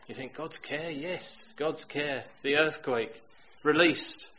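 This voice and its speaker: A middle-aged man preaching a sermon, telling stories that swing from loud emphatic bursts to hushed quiet lines. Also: a little high, slow, a little hiss or hum, poor audio.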